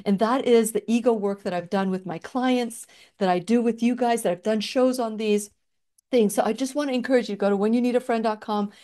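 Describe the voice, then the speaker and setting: A middle-aged woman hosts her own radio show in a reflective solo talk. Her voice sits fairly high but has a mellow, warm tone, and she speaks with heartfelt emotion, restarting sentences and laughing softly now and then. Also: fairly quick.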